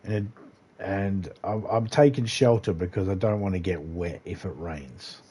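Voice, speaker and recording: A deep, mellow, slightly rough male voice speaking at a measured pace. He's an Australian gaming livestreamer giving casual gameplay commentary, rambling in a laid-back way and swearing now and then.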